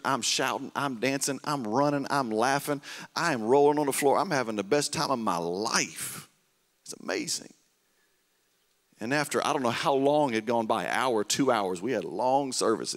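Pastor preaching in a reverberant hall. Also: male voice, mid-range voice. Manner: animated storytelling, swinging from loud to hushed. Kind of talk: sermon. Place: church sanctuary.

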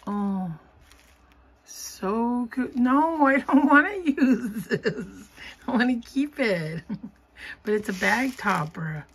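A woman chatting casually as she opens craft mail, gushing and giggling, sometimes dropping to a soft whisper. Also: on the high side, animated, extremely slow, pauses often, breathy edge. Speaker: craft vlogger opening happy mail. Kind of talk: casual unboxing chat.

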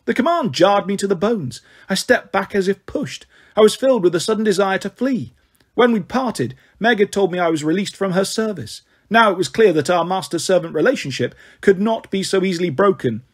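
High, husky-voiced man reading a story. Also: lively intonation, brisk. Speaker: audiobook narrator. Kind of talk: first-person story reading.

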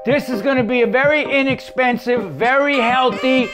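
A man hosting a casual cooking chat, talking fast with profanity and hype. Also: very high-pitched, over music. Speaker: host. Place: home kitchen.

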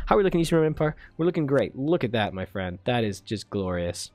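A man of middle pitch talks his way through a strategy game in a loose, playful ramble. He mutters to himself and cheers on his armies. Faint music sits low behind him. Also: very animated, quick pace, hardly any pauses, darkish tone, no room sound. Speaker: gaming video host. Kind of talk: let's play commentary.

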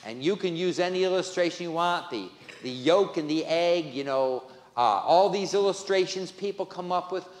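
A male pastor preaching a sermon, stressing key phrases by repeating them. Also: fairly high pitch. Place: church sanctuary. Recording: echoey church with long reverb.

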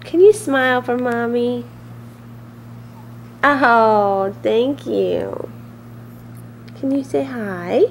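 A mother filming her newborn at home and talking to her in gentle, sing-song baby talk. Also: on the high side, drawn-out words, creaky, long pauses, slight background noise. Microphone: handheld camcorder.

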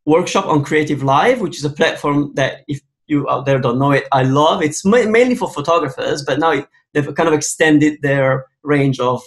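Italian man hosting an interview, higher voice, hesitant, restarts sentences. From Italy. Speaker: host. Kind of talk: casual interview.

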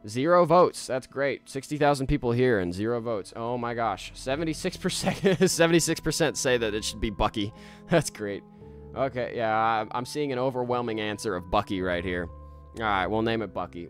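A man chatting excitedly with his viewers while streaming a game, laughing often and running polls. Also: mid-range voice. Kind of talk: live gameplay stream chat.

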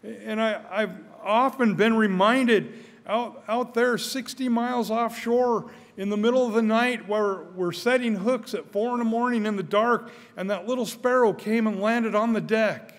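Older man, high-pitched, preaching, repeats himself, echoing church hall. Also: a little slow, hardly any pauses. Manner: earnest, repeats his words, rises in pitch and volume when stirred. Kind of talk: sermon. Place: church sanctuary. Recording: church hall with long reverb.

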